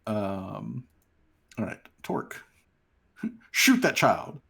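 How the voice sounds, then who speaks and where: A man's voice: fairly low pitch, big pitch swings, drawn-out words, creaky, sharp tone, husky. A man narrating as game master of a tabletop game, laid-back and full of fillers.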